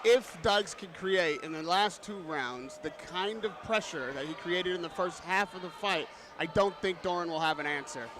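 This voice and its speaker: A man's voice: high-pitched, normal speed, few pauses. Articulate male boxing pundit. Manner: articulate, analytical, laughs easily. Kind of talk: live ringside analysis. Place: boxing arena. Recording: loud arena crowd behind. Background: arena crowd.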